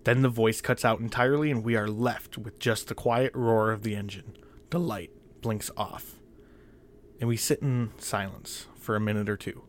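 Male storyteller, horror narration, measured, tense, quiet delivery. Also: fairly low pitch, fairly even intonation, slight background noise.

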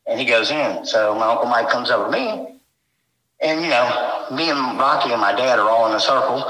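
A man's voice: medium pitch, a little fast, sharp tone, echoey room, poor audio. A man telling of his frightening encounters as a guest, rambling and intense, packing his story with filler phrases. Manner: rambling, intense, full of "you know". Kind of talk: emotional first-person storytelling.

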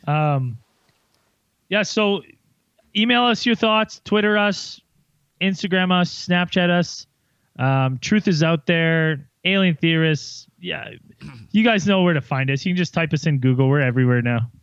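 A man's voice: a little high, unhurried, a bit bright, smooth, no room sound, highs cut off. A young man co-hosting a podcast in joking banter, reading listener reviews aloud. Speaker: podcast co-host.

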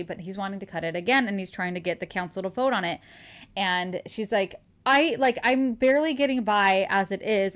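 A young woman co-hosting a book podcast, recapping a romance novel in casual chat, animated and laughing often as she quotes the characters. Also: mid-range voice.

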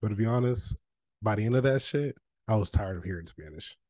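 A man's voice: on the low side, animated, fairly quick, mellow, dry recording. A man on a podcast telling a travel story in a laid-back, swearing casual way. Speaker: podcast co-host.

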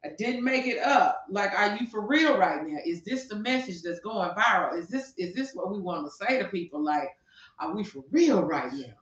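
With hardly any pauses, this podcast co-host talks at a moderate pace in an animated, medium-pitched, fairly bright voice. She rants passionately on a talk show, firing rhetorical questions in heated opinion talk, recorded with distant, echoey, dull lo-fi sound.

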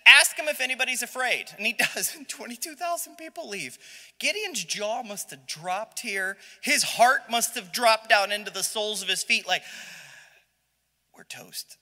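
A man leads a Sunday school Bible lesson in a high, bright, lively voice that swings all over the place. He jokes and acts out the people in the story. The room gives a long echo. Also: normal speed. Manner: animated, jokey, acts out voices of Bible characters. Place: church classroom. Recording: long hall reverb.

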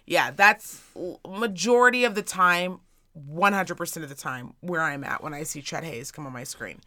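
A woman's voice: lowish voice, lively intonation, moderate pace, bright, forceful tone, no echo, studio quality. A woman co-hosting a podcast in casual chat, blunt and sweary, ranting with lots of energy. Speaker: podcast co-host.

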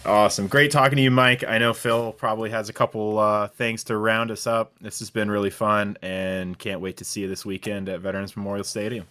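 Bright-voiced male podcast co-host. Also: on the low side, brisk, hardly any pauses. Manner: friendly questioning, relaxed. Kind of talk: casual interview.

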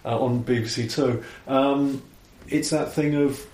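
A man's voice: medium pitch, steady tone, a little slow, darkish tone. A man chatting casually about films in a musing, self-deprecating way. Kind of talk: casual film chat. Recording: roomy echo.

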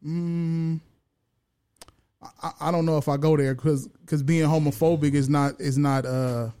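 A man's voice: on the high side, fairly even intonation, a little slow, warm tone, clean tone. A man co-hosting a podcast, arguing casually and joking with friends. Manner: argumentative, jokey, repeats words. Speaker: podcast co-host. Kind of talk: casual debate chat.

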